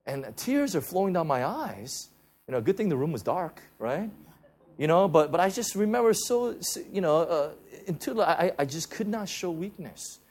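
A man preaching a sermon in a conversational style, full of "you know" fillers and repeated restarts, going soft and low when he speaks of grace. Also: very animated, moderate pace. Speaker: pastor.

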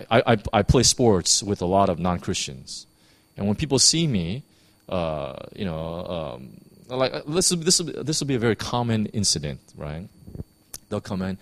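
Male pastor, low voice with wide swings, casual animated sermon, dry close sound. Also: no room sound. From United States. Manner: conversational, animated preaching with many restarts.

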